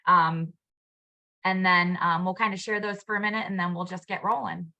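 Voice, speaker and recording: Woman, co-host; casual, chatty delivery, frequent fillers, bright and forceful tone; video-call audio. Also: lowish voice, fairly even intonation, normal speed, highs cut off. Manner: chatty, many ums and you-knows.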